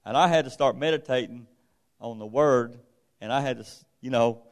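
A man's voice: mid-range voice, normal speed. A middle-aged man, preaching in a folksy, conversational way and telling personal stories. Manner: folksy, conversational, retells dialogue. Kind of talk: sermon storytelling.

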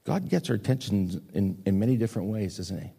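Animated preacher in a reverberant church. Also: male voice, lowish voice, brisk, vocal fry, husky. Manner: animated storytelling with acted quotes. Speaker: pastor. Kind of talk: sermon. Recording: long hall reverb.

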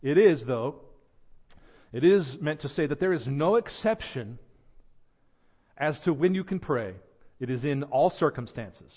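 Male pastor, emphatic sermon delivery, slightly high-pitched, muffled church audio. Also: expressive. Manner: emphatic, slows and lifts voice on scripture quotes, drops quiet at phrase ends. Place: church sanctuary.

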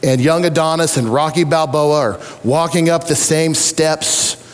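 A middle-aged male pastor delivers a sermon at a measured pace in a high, bright voice. He tells stories with lively, self-deprecating humor, and his words ring out with the long reverb of a large hall.

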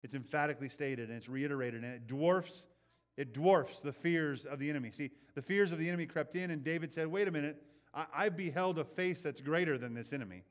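A man preaching a sermon in an earnest way. He often checks in with the listeners with a quick "right?" and repeats words as he builds his points. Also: fairly high pitch. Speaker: pastor.

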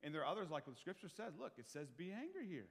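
A man preaching a sermon as pastor, talking in a conversational way, asking the congregation questions and swinging between quiet asides and loud emphasis. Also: on the high side, expressive, rapid-fire. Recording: long hall reverb.

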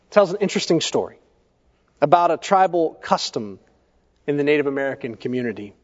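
A male pastor preaching a sermon, telling stories in a measured way and putting questions to the congregation. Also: sits high. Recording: echoey church hall, dull lo-fi sound.

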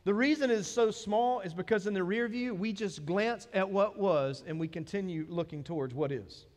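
A man's voice: high voice, moderate pace, a little mellow. Southern pastor guy preaching, chatty then punchy, echoey sanctuary. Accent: Southern American. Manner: conversational preaching, rising to emphatic. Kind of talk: sermon. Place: church sanctuary. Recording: long hall reverb.

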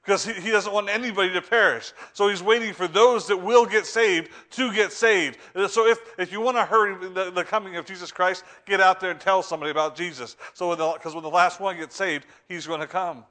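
Guy preaching a sermon, kinda high bright voice, stammers and repeats, gets loud then quiet. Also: a little fast, few pauses. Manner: fervent, repeats words and restarts, swings from loud to hushed.

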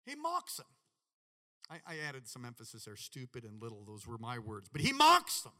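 A man preaching a sermon with animated, dramatic delivery and sudden shouts. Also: medium pitch, moderate pace, big-room sound. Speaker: pastor.

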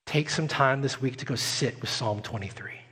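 A man preaching a sermon as pastor, earnest, often slowing and softening his voice for emphasis. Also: medium pitch, husky. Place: church sanctuary. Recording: long hall reverb.

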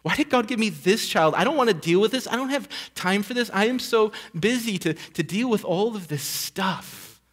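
A fed-up parent muttering whiny complaints under the breath, pitched well above the speaker's own voice, as a male preacher puts it on. The figure sounds exasperated and worn out from dealing with a child. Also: animated, moderate pace, hardly any pauses, fairly bright tone.

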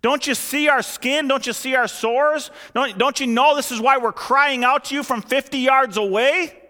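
A man voicing a group of desperate outcast leper men who plead loudly and in disbelief, as a pastor acts them out in a sermon. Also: normal speed, in a large hall. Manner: loud, high, incredulous pleading.

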